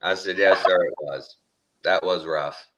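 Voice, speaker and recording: Deep-voiced Texan man telling stories. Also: steady tone, unhurried, fairly bright tone. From Texas. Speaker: storyteller. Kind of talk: casual storytelling.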